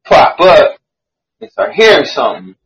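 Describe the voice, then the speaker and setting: A man telling a story in a casual chat, slangy, animated and swearing freely. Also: a little high, measured pace, lo-fi sound.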